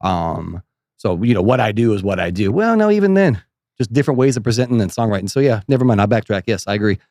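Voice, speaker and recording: Low-voiced male podcast host, easygoing replies, dry close sound. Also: very animated, quick pace, darkish tone, dry recording. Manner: laid-back, short agreeing replies. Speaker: podcast host and bass player. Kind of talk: casual podcast chat.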